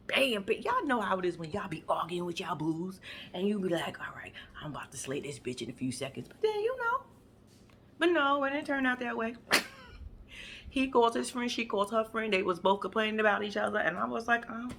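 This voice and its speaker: A woman, casually recapping a reality show, animated and profane, acting out quotes and laughing often. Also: medium pitch, brisk, a little hiss or hum.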